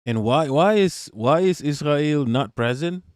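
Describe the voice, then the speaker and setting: A man's voice: on the high side, lively intonation, unhurried, dry recording, clean studio sound. Profane, slangy male livestream host. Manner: profane, slangy, shouts out chat. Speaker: livestream host reacting to a video. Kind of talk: casual livestream commentary.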